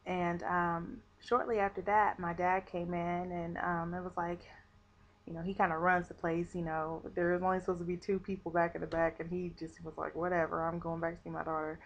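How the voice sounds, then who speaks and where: A woman's voice: fairly low pitch, little pitch movement, moderate pace. A woman vlogger telling a personal story to camera in a chatty way, with many fillers. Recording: dull lo-fi webcam audio.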